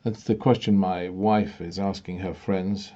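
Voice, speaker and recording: A man delivering an opinionated monologue, musing aloud with pauses and growing indignant. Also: sits low, flat delivery, dark tone, muffled recording.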